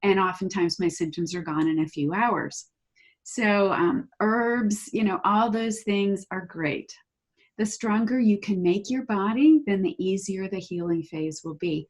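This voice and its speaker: Woman guest explaining stuff, lively, does little voices of what ppl say to themselves, middle pitch. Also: moderate pace. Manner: animated, acts out inner voices while explaining. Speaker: guest, holistic practitioner. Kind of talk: explanatory interview talk.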